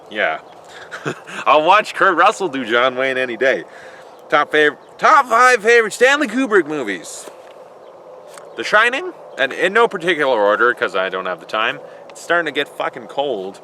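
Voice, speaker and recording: Man, vlog Q&A outdoors, bright voice, loose and joking, swears a lot, faint traffic. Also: mid-range voice, very animated, moderate pace. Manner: rambling, joking, profane. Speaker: vlogger answering viewer questions. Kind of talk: casual Q&A vlog. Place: outdoors in a built-up area.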